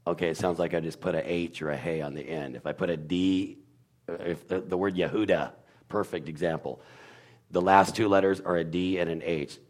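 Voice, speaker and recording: A man with an extremely low, deep voice, talking as a guest about Hebrew letters. He searches for words, hesitating often, and slowly sounds out syllables to show how they are pronounced. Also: fairly even intonation. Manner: halting, searches for words with many fillers. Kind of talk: casual explanatory talk.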